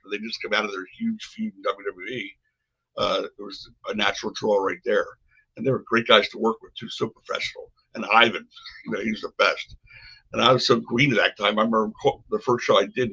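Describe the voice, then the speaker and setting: On a podcast with dull, lo-fi sound, a former wrestling promoter, now an older man, spins meandering tales of his past with frequent restarts. His voice is fairly low, bright, and forceful, with a slight roughness.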